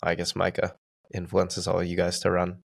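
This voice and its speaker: A young man co-hosting a church podcast, laid-back and playful, quick with reactions. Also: low voice, completely flat delivery, creaky, no room sound, clean studio sound. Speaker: podcast co-host. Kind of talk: casual podcast chat.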